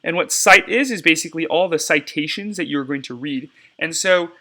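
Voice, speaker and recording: A young man with a slightly high, sharp-toned voice walks viewers through cutting debate cards in a casual screencast, moving step by step at a moderate pace and calling his audience "y'all."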